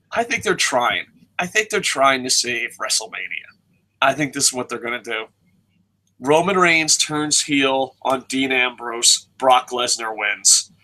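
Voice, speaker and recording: A man co-hosting a casual wrestling preview podcast, ranting excitably and swearing often, laughing through his points. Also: medium pitch.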